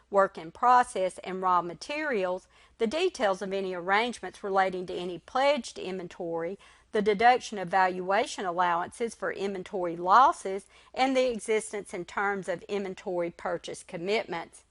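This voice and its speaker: A woman lecturer reading a recorded slide lecture in a measured way. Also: mid-range voice, a bit bright, no echo.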